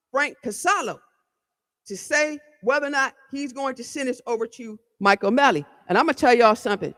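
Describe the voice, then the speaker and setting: Telling a story to her podcast audience, this Cleveland-area host is blunt and fired up, swearing and repeating herself as she speaks directly to them. She has a high-pitched voice, and the audio has a long, hall-like echo.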